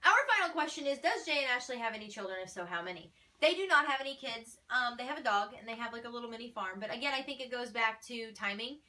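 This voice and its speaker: A woman's voice: a little high, expressive, quick pace, hardly any pauses, bright, forceful tone, far from the mic. Feisty, ranting woman vlogger. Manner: blunt, exasperated, feisty. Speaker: fan page admin answering fan questions. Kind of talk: casual ranting Q&A vlog.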